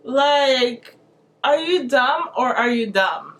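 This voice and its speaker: A woman hosting a reaction video, commenting in a playful, sassy and animated way. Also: high voice, slow pace, a little hiss or hum.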